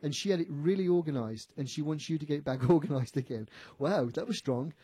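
A man working as a psychic medium on the radio, animated, often repeating himself and quoting what a spirit tells him. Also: fairly high pitch, quick pace, breathy edge, no room sound. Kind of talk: on-air psychic reading. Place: radio studio.

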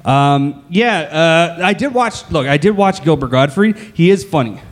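A man's voice: fairly high pitch, expressive, a little slow. Crude laughing podcast host, man. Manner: crude, laughing, rambling with fillers. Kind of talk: casual comedy podcast banter.

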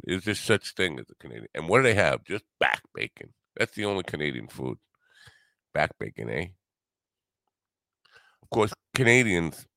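A man's voice: very deep voice, gravelly, sharp tone, dry recording, clean studio sound. A tired man, rambling through a wisecracking, sarcastic solo podcast monologue as its host. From New York.

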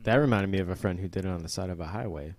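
A man's voice: low-pitched, rapid-fire. A man co-hosting a podcast, telling funny stories in casual chat with dry humor. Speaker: podcast co-host.

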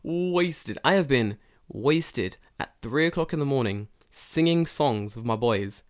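A man's voice: mid-range voice, expressive, a little slow. Profane storytelling man, casual chat. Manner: profane, storytelling, acts out quotes. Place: lives in Japan.

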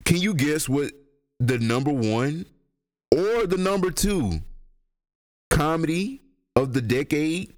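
Rambling stoned young man, lively voice. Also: fairly high pitch, slow, pauses often. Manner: rambling, profane, laughs a lot. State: high. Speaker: podcast host. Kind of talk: casual solo podcast rant.

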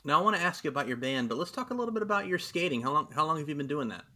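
A man's voice: fairly high pitch, sing-song, very fast, pushed and bright. A man with a Southern US accent from Alabama, hosting an interview in a chatty, folksy way and laughing often. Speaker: podcast host. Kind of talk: casual interview chat.

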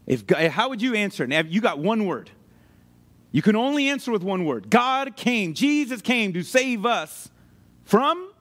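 A man preaching a sermon in a conversational way, often asking his listeners questions. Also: high-pitched. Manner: animated, conversational, asks the audience often.

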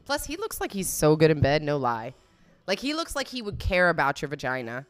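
A woman's voice: low voice, wildly swooping pitch, a little fast. A woman giving casual, blunt and profane commentary, laughing often as she reacts to a video.

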